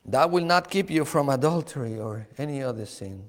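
A man preaching a sermon, slow and emphatic, repeating key words and chuckling now and then. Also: mid-range voice, lively intonation, long reverb tail.

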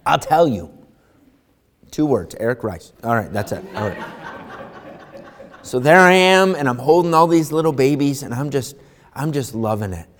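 A man's voice: normal speed, pauses often. A man preaching a sermon in a church, talking conversationally and acting out little scenes. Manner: animated, conversational, acts out voices with rising pitch. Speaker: pastor. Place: church sanctuary.

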